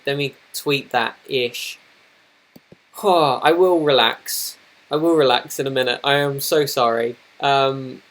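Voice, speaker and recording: A man's voice: medium pitch, sharp tone. A young man live streaming at his computer, flustered and apologetic, rambling with many restarts. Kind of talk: casual live-stream chat. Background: noisy laptop fan.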